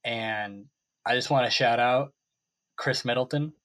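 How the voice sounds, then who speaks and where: A man's voice: mid-range voice, unhurried, fairly bright tone. A young man co-hosting a casual sports podcast, rambling with lots of fillers and restarts. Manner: rambling, full of likes and restarts. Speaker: podcast co-host. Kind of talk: casual chat.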